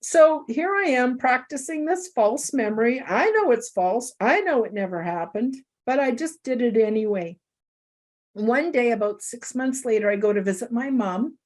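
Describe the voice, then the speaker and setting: Middle-aged woman, kinda high voice, earnest emotional storytelling, hosting her show. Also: expressive, normal speed. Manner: earnest, emotional, tearful at times. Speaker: show host.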